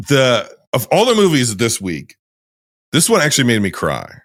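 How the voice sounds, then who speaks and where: A man's voice: medium pitch, huge pitch swings, normal speed, a bit bright, dry recording, studio quality. A man hosting a podcast, casually retelling film scenes with restarts and swearing. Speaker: podcast host.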